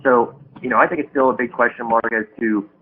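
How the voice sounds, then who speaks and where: A man's voice: medium pitch, fairly even intonation, fairly quick. A man speaks as a guest on a poker panel. He hesitates and keeps circling back with fillers and restarts. His voice comes through a tinny phone line with faint hiss underneath. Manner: hesitant, full of "you know" and restarts. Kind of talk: casual panel talk.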